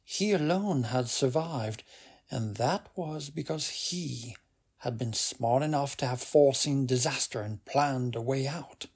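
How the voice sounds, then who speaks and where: A man narrating a fantasy novel as a bedtime audiobook, in a soft, unhurried and even manner with a gravelly, husky voice. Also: medium pitch. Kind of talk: slow bedtime audiobook reading.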